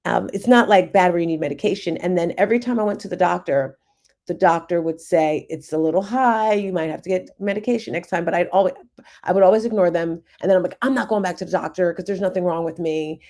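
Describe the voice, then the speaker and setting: A woman in her fifties hosts a casual group livestream, chatting and telling stories with an animated, playful manner. Her voice sits a little low and sounds mellow and warm. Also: fairly quick. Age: 50s. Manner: chatty, animated storytelling with laughs. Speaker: livestream host, confidence coach.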